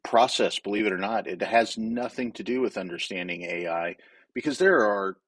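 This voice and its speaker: Male guest from Wyoming, low husky voice, candid storyteller, dry close sound. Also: normal speed, a bit bright, no echo. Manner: candid, storytelling, many filler restarts. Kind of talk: casual interview talk.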